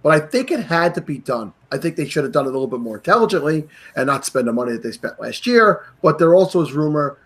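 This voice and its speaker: A man's voice: a little high, expressive, fast talker, hardly any pauses, a bit bright. Opinionated male podcast host. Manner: opinionated, emphatic. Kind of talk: casual sports chat. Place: New York.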